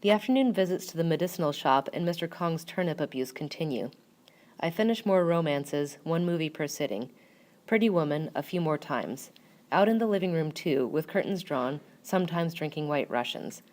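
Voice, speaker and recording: A woman narrates a first-person story with a low, steady voice. Her telling is measured and quietly wry.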